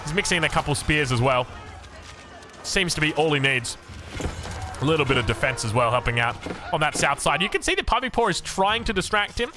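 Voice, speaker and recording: Lively Australian man casting a match. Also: a little high, a little fast, long pauses, over music. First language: English. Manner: animated, jokey, self-mocking asides. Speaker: game caster. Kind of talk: esports match commentary.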